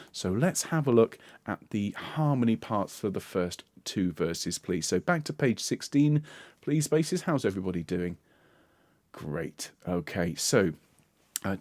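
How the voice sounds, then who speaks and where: A man's voice: lowish voice, a little mellow, dry recording. Man leading a choir rehearsal, singing phrases. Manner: demonstrates sung phrases between spoken instructions; encouraging, patient. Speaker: choir director.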